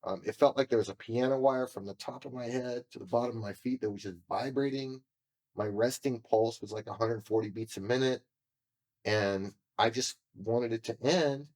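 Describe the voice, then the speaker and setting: A man's voice: mid-range voice, moderate pace, a little mellow. A man from California telling his story as a podcast guest, candid, emotional and profane, acting out what people said to him. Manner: emotional and confessional.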